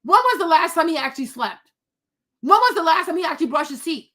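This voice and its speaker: A woman's voice: extremely high pitch, big pitch swings, fast talker, pushed and bright. A woman hosting her own political commentary, blunt, sassy and profane, scolding the people she talks about. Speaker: commentary host.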